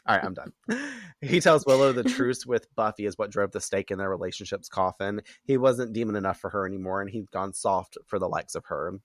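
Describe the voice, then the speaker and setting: A man hosting a podcast in a casual chat, animated and profane, laughing often and acting out quotes from characters. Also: fairly low pitch, a little fast, dry recording, studio quality. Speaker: podcast host recapping an episode.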